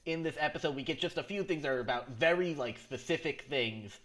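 A man's voice: fairly high pitch, fairly quick, fairly bright tone. A man co-hosting a podcast, recapping a comedy sketch in casual chat, rambling with frequent laughs and restarts. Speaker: podcast co-host.

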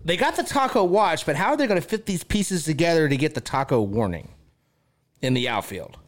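Chill guy hosting a sports podcast, kinda high voice, folksy and loose. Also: animated, fairly quick. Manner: laid-back, chuckles often, loose folksy phrasing. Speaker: podcast host. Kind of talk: casual sports chat.

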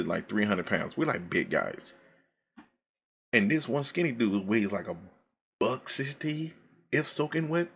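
A man telling a casual, profane story from his old job, animated and laid back, full of slang. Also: low-pitched, creaky. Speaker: storyteller recounting past work.

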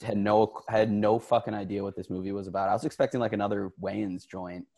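A young man with a low, gravelly voice chats casually on a podcast. He is blunt and laid-back and swears without a second thought. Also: steady tone, brisk, warm tone, a little hiss or hum. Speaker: podcast co-host. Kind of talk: casual chat.

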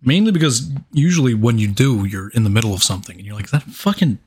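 A man's voice: on the low side, lively intonation, quick pace, a little mellow, breathy edge. A man co-hosting a podcast who banters in a teasing, profane way. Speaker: podcast co-host. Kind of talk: casual banter.

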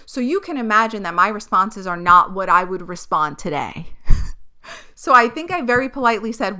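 A young woman hosting a podcast speaks at normal speed in a high-leaning, bright, forceful, clean voice with lively intonation. Frequently swearing and laughing, she tells a personal story candidly and with exasperation in a casual monologue.

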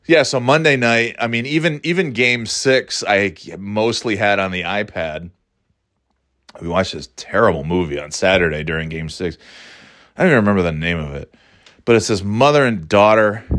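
Rambling profane man, low voice. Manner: rambling, profane, self-mocking. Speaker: podcast host. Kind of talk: casual chat.

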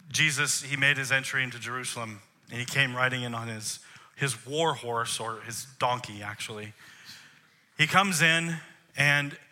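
A man's voice: medium pitch, sharp tone. A man, a worship leader, preaching a sermon in an emphatic way, posing rhetorical questions to the congregation.

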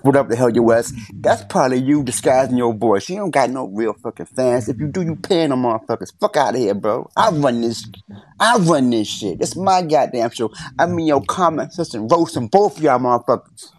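A man's voice: mid-range voice, lively intonation, a little fast, no room sound. A man trash-talking in a dismissive, profane way. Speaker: roast participant. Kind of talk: trash talk.

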